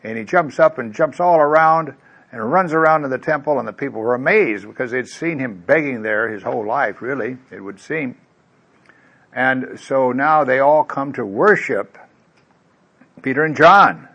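A man's voice: medium pitch, moderate pace, slightly rough, highs cut off. Folksy man preaching a conversational sermon. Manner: lively, acts out quoted voices; folksy asides with filler words. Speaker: pastor.

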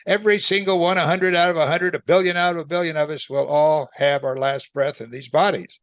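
A man's voice: fairly high pitch, steady tone, fairly quick, fairly bright tone, no room sound. A man leading a Bible study, reading scripture aloud and explaining it in plain conversational talk, often asking his listeners questions. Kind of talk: verse-by-verse Bible teaching.

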